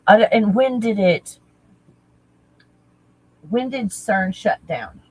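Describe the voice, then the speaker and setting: A woman talking casually as a spiritual teacher, halting and searching, correcting herself often. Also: medium pitch, lively intonation, husky, no room sound, rough recording. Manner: halting, searching, self-correcting with nervous laughs. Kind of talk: casual channeling talk.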